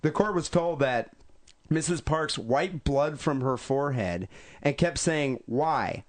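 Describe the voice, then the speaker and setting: A man's voice: on the high side, animated, a little slow. Irreverent man co-hosting a casual podcast. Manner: joking, irreverent. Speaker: podcast co-host. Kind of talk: casual chat, retelling a news story.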